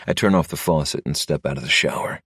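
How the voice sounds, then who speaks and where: A man narrating a first-person story in a low, steady manner. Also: fast talker, husky, no room sound, clean studio sound. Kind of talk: scripted narration.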